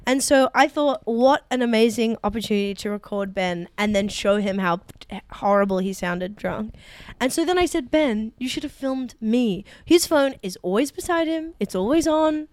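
A woman co-hosting a comedy podcast, telling stories in an animated, giggly way. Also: fairly high pitch, moderate pace, no room sound. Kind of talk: casual podcast chat.

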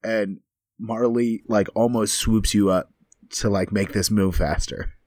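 A man playing a tabletop game, describing his character's moves in a halting, casual way. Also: fairly low pitch, fairly even intonation, a little mellow, dry recording, studio quality. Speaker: player.

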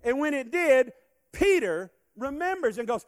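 Man, guest preacher, high voice, lively swooping delivery, dry close sound. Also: measured pace, no echo. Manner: animated, calls on the congregation to respond. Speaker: guest speaker. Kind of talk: sermon. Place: church hall.

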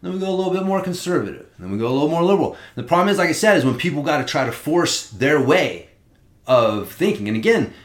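A man in casual podcast chat, talking in an animated, rambling way and swearing often. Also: a little high, quick pace. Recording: roomy echo.

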